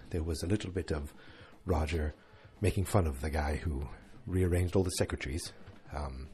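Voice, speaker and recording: Deep-voiced tired guy yawning his way through a casual late-night episode recap, chatty and rambly. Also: darkish tone.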